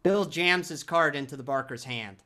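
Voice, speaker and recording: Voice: medium pitch, moderate pace. A narrator telling a horror audio drama in a vivid storytelling style. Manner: vivid, storytelling delivery with sound-effect shouts.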